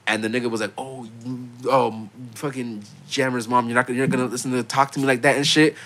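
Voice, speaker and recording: A young man in his late teens hosting a casual podcast, telling stories in an animated way and getting loud when he quotes himself. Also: medium pitch, fast talker. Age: young adult. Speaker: podcast host.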